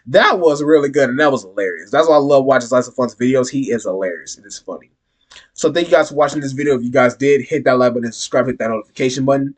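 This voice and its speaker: A man with a mid-pitched voice hosts a casual reaction video. He talks loosely and laughs often, calling on his viewers to join him in a chanted sign-off. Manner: chatty, laughing, hyping viewers into a call-and-response sign-off.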